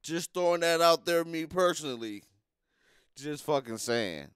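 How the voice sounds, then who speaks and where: A young man on a live stream, freestyle rapping and fussing over his audio, cursing and swinging between loud outbursts and low mutters. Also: lively intonation, measured pace, clean tone, no echo, studio quality. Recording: faint music behind voice. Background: beat music playing.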